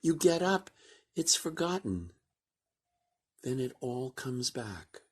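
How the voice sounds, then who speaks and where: A woman reciting a reflective monologue in an unhurried, storytelling manner. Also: slightly rough. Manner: slow, reflective storytelling, lively rising and falling pitch.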